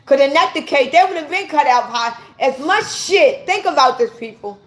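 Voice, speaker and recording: A woman's voice: high-pitched, expressive, moderate pace. A woman from the United States giving an impassioned, profane, preachy rant straight to her viewers. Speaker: vlogger. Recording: echoey room.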